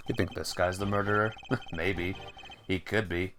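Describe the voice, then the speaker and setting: Guy doing a chill let's-play commentary, little jokes, quiet music underneath. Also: low voice, fairly even intonation, measured pace. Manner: wry asides. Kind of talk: casual gameplay commentary.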